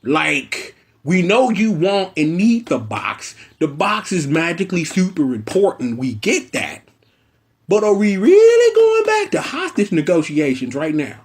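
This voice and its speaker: A man's voice: a little high, sing-song, measured pace. A man hosting a casual, brash and slangy episode review, riffing at length. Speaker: show reviewer host.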